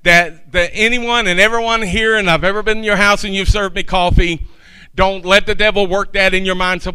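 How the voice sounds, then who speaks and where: Bright-voiced, chatty male preacher. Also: sits high, moderate pace, clean tone, no room sound. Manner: folksy, chatty asides to the congregation. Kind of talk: sermon.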